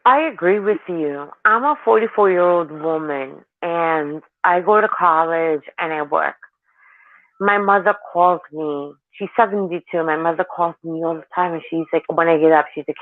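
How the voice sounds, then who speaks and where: A woman in her forties rambles candidly through her stories, her tone lively and frank. She comes through a thin, tinny phone line with a dry, close sound. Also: low voice, normal speed, no room sound. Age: 40s. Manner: rambling, candid, animated storytelling. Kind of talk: casual chat.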